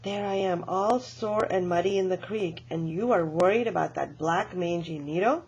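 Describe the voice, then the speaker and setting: A woman voicing an elderly grandmother who tells a story about her own stubborn childhood in a lively, emphatic way. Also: fairly low pitch, moderate pace, highs cut off, a little hiss or hum, natural voice. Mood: storytelling.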